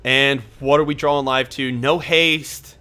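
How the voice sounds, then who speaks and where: Bright excitable man narrating his gameplay. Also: mid-range voice, unhurried, smooth, faint music behind. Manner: excitable, swears when frustrated, thinks aloud. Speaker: gameplay commentator. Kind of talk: live gameplay commentary.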